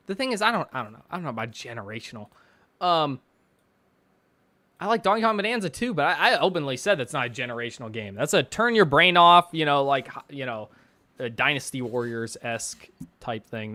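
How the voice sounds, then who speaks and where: A man's voice: on the high side, sharp tone. A man streaming from his bedroom, reacting to posts with sarcastic, mocking commentary and frequent laughter.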